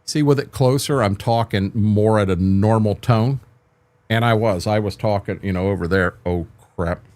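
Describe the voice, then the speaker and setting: Over a desk mic at home, an older man plays a farming game and casually chats with his livestream audience, rambling and saying things twice. His fairly low-pitched voice has a darkish tone and a normal speed.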